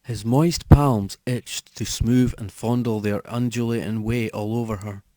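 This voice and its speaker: A man narrating a horror story audiobook in a measured storytelling manner. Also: mid-range voice, fairly even intonation, dark tone, no room sound. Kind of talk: scripted narration.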